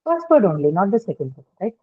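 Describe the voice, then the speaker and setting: A woman teaches pronunciation rules to a class, stopping often to ask whether everyone follows. Her voice comes through a narrow, phone-like video call line. She pauses with fillers as she works through each example. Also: medium pitch, very animated, slightly rough. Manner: asks frequent check questions, many fillers. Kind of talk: online phonetics lesson. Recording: tinny phone-like call audio.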